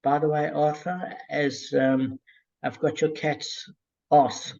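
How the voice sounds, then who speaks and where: Man, gravelly, husky, relaxed digressive group study leader, lots of fillers, muffled call audio. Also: a little high, slow.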